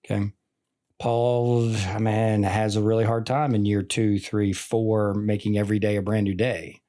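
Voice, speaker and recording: Veteran teacher, male, forties, low-pitched, earnest and rambling in relaxed conversation. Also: measured pace. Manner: earnest, rambling, full of "like" and "I mean". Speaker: teacher and podcast guest. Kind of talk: casual conversation.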